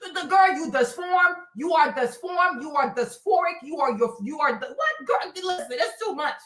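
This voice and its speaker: A woman hosting a livestream, gossiping loudly and dramatically, with shrieks, laughter and Spanish phrases mixed in. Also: high voice, expressive, moderate pace, echoey room, recorded from a distance, poor audio. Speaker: livestream host. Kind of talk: casual gossip commentary.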